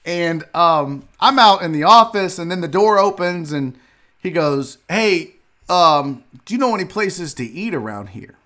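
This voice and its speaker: A comedian from Houston, Texas, hosting his own show, telling a casual story in a profane, animated way and acting out what people said. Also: high voice, measured pace. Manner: profane, animated ranting with acted-out quotes. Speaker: comedian and podcast host.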